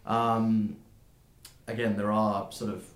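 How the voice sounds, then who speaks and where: A man narrating a tabletop game as game master, in a halting way, with many fillers and restarts. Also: on the low side, flat delivery. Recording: roomy echo.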